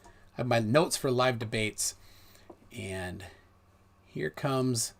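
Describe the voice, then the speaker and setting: A middle-aged man hosting a livestream, talking casually in a rambling, animated way with many restarts. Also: medium pitch, slow, vocal fry. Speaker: livestream host.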